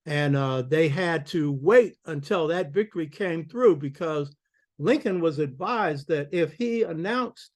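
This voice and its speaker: Older guy lecturing, preachy and emphatic, keeps asking "you hear me", voice a bit high. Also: expressive, a little slow, a little mellow. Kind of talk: public lecture.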